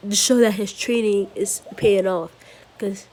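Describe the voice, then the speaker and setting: A woman's voice: medium pitch, steady tone, unhurried, a little mellow. A woman improvising a fan-fiction story, rambling and correcting herself as she goes, with fillers and small giggles.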